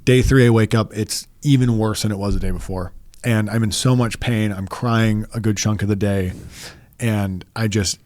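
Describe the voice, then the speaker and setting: Male guest, lower voice, halting and rambling storyteller, dry studio. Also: fairly even intonation, a little mellow, no room sound. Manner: rambling, halting, with many restarts and fillers. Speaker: podcast guest. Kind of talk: casual storytelling interview.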